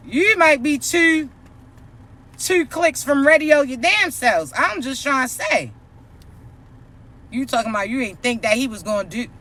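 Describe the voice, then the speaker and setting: A woman's voice: sits high, bright, forceful tone. A woman on a phone live stream, ranting bluntly and with lots of profanity, then turning to a spiritual pep talk for her followers. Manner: blunt, profane, sassy, repeats herself.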